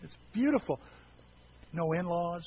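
A man's voice: sits high, animated, unhurried, dull audio, a little hiss or hum. A man preaching a humorous sermon, telling folksy stories and jokes to a congregation.

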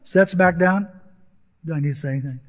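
A man preaching a sermon as a pastor, telling stories with lively acted-out voices and crowd noises. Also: fairly high pitch, brisk. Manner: animated storytelling, acts out voices and crowd noises. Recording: dull lo-fi audio with long hall reverb.

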